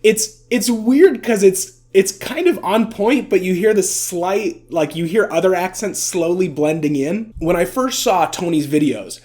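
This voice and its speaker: A man's voice: high voice, animated, a little slow, hardly any pauses, darkish tone. A man giving casual, chatty vlog commentary, amused and full of fillers. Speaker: video essay vlogger.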